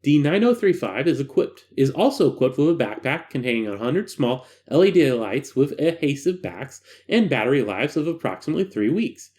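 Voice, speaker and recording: Animated man reading a horror file. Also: medium pitch, fairly quick, few pauses. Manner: animated, joking asides. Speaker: narrator and host.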